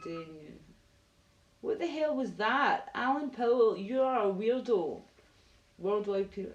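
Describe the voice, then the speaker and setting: A woman's voice: mid-range voice, moderate pace, muffled recording, a little hiss or hum. A Scottish woman live streaming, chatting bluntly and casually, swearing and reading out video titles as she goes. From Scotland.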